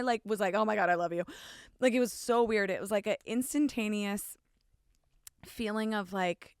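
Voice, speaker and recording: A woman in her thirties tells a story as a podcast guest, bouncing along with "like" in nearly every phrase and voicing her past self. Her voice is smooth and resonant. The sound is dry and close, with no room around it. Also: mid-range voice, dry recording. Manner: animated, says "like" a lot, acts out her own past lines. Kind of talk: casual storytelling chat.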